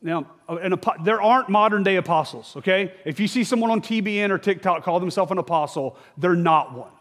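Male pastor, high voice, chatty and emphatic sermon delivery, long church reverb. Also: animated, a little fast, fairly bright tone. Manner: conversational and emphatic, keeps checking in with "okay?".

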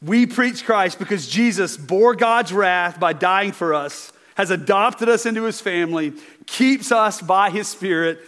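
A high-voiced man preaching in a church. His voice carries a long reverb through the big sanctuary. He talks earnestly and keeps checking in with his listeners. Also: unhurried, fairly bright tone. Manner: earnest, repeats words, asks okay to the congregation. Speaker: pastor. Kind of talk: sermon.

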